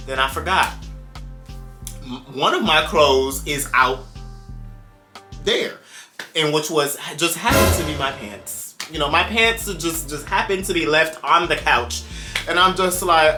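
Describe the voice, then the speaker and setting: A young man telling a personal story to his viewers in a casual, animated way, exclaiming often and talking to the audience directly. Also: on the high side, unhurried, faint music behind. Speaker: storytime vlogger.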